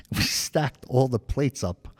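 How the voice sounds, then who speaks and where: A man speaks slowly at a medium pitch, his intonation lively, telling rambling, profane stories as a podcast host with a New York accent. It's casual chat full of "right?" and "bro," recorded with long hall reverb.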